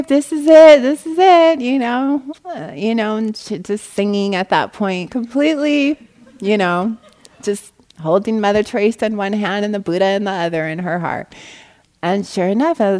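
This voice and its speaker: A woman meditation teacher giving a dharma talk, telling a story with animated delivery and acting out the voices in it. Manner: animated storyteller, acts out quoted voices with rising pitch. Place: meditation hall.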